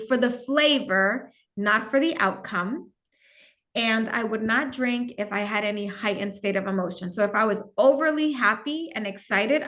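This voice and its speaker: A middle-aged woman, a podcast guest, telling a personal story in a candid, reflective way with some halting restarts. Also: medium pitch, fairly bright tone. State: gets emotional at times.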